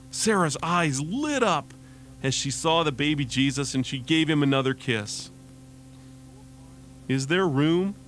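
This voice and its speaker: A man with a mid-pitched voice narrates a scripted radio sermon. His delivery is earnest and measured, and he slows down to lean on his key questions. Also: a bit bright. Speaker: radio devotional host.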